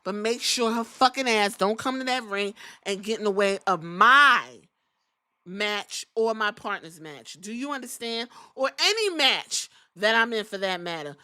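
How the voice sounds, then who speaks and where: A woman's voice: mid-range voice, expressive, measured pace, pushed and bright, dry recording, clean studio sound. A woman voicing a fed-up female wrestler scolding a rival in a sassy, threatening tone.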